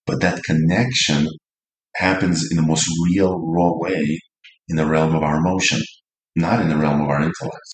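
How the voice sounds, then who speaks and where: A man with a very low voice gives an earnest lesson on how couples should listen to each other. He acts out little examples of how partners might talk. His voice carries the echo of a roomy space. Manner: earnest, demonstrates tones by acting out examples. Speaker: relationship coach. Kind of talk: teaching talk on couples mirroring.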